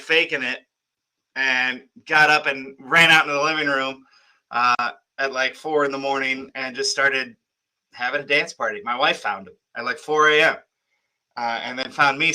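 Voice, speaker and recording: A man's voice: mid-range voice, bright, forceful tone, low-quality recording. A sleepy man in his thirties teaching an online history class, talking casually with lots of fillers and restarts. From United States.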